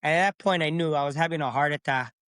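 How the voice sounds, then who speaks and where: A middle-aged man tells his own story as a podcast guest, acting out the things he said back then. His voice is a little high, clear and resonant, and he talks fast in an animated, casual way with no echo.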